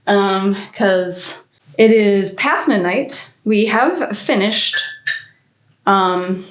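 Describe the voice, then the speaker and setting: A woman's voice: mid-range voice, extremely slow, faint music behind. A woman vlogger chatting casually to the camera in her home studio, rambling in an anxious, chatty way.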